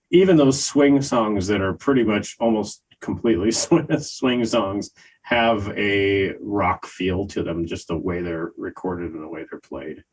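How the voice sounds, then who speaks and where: An older man co-hosting a music review podcast, talking in a casual, hesitant way with many pauses and fillers. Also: on the low side, low-quality recording. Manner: slow, hesitant, many ums and uhs. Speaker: podcast co-host reviewing albums. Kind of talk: casual chat.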